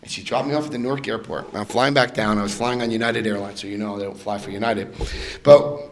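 An older man giving a personal recovery testimony to a group, an animated storyteller who laughs often and acts out the voices in his story. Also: lowish voice, quick pace. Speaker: recovery meeting speaker.

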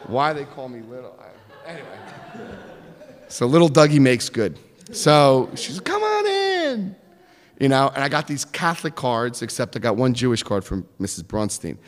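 A man telling a personal story in an animated way, acting out the voices of others. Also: medium pitch, normal speed, in a large hall.

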